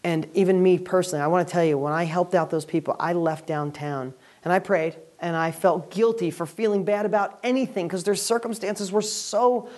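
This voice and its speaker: A man hosting a weekly video and speaking to camera as a real estate educator, giving an energetic, upbeat motivational talk. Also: high voice.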